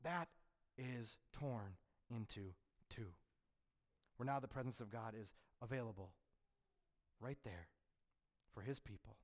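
A man preaching a sermon, who swings between fervent, rising passages and hushed, solemn ones. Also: mid-range voice, measured pace, pauses often. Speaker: pastor.

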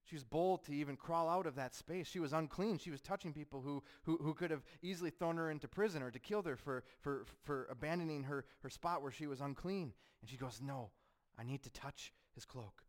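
A man's voice: on the high side, a little fast, hardly any pauses. Man preaching a sermon. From United States. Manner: preaching with rhetorical questions, acting out voices of critics. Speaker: pastor.

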